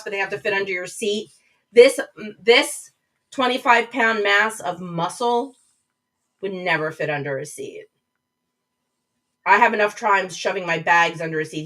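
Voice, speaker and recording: A woman hosts a live stream, chatting casually, reading viewer comments aloud and rambling with restarts. Her lowish voice is a bit bright, picked up by a webcam mic a little back from the screen, so she sounds far away on a rough recording.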